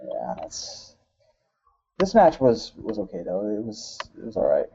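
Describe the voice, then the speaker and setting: A man hosting a casual podcast, rambling with lots of "uh"s and quick laughs. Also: fairly low pitch, wildly swooping pitch, gravelly, dark tone, slightly rough, muffled recording. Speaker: podcast host. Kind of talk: casual chat.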